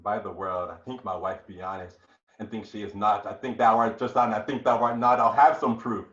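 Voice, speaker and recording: A passionate, vengeful general, played by a man in an amateur Shakespeare reading. His voice swings from hushed brooding to roaring outbursts. It sounds echoey and muffled, like a room recorded on a lo-fi mic. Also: on the low side, steady tone, brisk, natural voice. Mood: jealous rage. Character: jealous male general Othello, passionate and vengeful.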